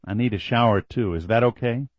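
A man voicing a gentle, teasing young woman. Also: medium pitch, a little fast, no echo, lo-fi sound, natural voice. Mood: playful.

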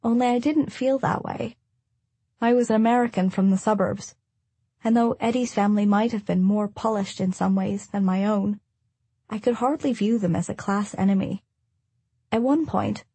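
Audiobook narrator, woman, husky voice, dry close sound, measured storytelling. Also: medium pitch, dark tone, no room sound. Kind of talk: first-person audiobook narration.

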